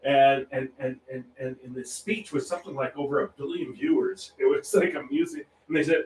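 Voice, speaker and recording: A man's voice: mid-range voice, fairly even intonation, brisk, hardly any pauses, darkish tone, recorded from a distance. Rambling, chuckling man, a little off-mic in a roomy space. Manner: rambling and chuckling, with many restarts. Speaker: livestream painting host. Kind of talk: casual chat while painting. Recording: roomy echo, voice a little off-mic, faint room noise.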